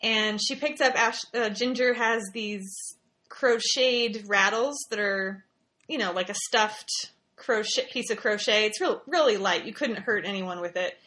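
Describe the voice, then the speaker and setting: A woman's voice: medium pitch, a little slow, bright, forceful tone. A woman, a mother, casually and emotionally telling a story as a guest, often restarting and repeating her words.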